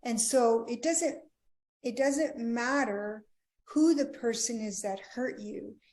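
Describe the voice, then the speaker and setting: A middle-aged woman, a marriage coach, telling her personal story earnestly in an interview, often dropping to a hushed tone. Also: fairly high pitch, takes it slowly. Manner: earnest, emotional, drops to a hushed voice at tender moments.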